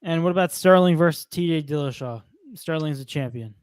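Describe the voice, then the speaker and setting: A young man co-hosting a casual sports podcast, easygoing and quick to laugh, on a computer mic. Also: fairly high pitch, a little mellow, dry recording, clean studio sound. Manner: easygoing, laughs often, laid-back predictions. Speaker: podcast co-host.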